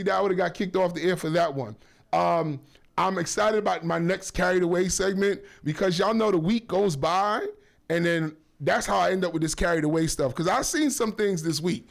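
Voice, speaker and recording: A male radio host with a gravelly, fairly high voice, talking loosely into a studio mic. He rambles and jokes, corrects himself often, and keeps sending shout-outs. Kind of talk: casual talk radio.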